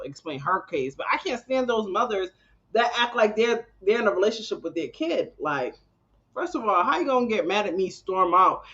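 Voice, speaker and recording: A woman hosting a live reaction stream, her talk swinging widely in pitch as she chats and exclaims. Her voice is bright and forward. The sound is dull and lo-fi, like stream audio. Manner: chatty, exclaiming, breaks into laughter. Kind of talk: casual live-stream chat.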